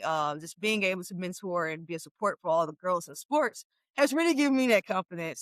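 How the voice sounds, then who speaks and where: A young woman from Memphis, a former football captain, telling her story as a lively interview guest who laughs often. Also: fairly low pitch, smooth, no room sound. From Memphis, USA. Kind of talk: casual interview talk.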